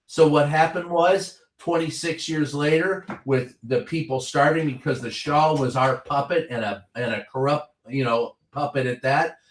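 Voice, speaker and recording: This guest is a seasoned White House reporter from Kentucky whose voice falls in the mid-range. He tells stories with plenty of swearing, arguing politics in a blunt, fiery way, and the sound is reverberant.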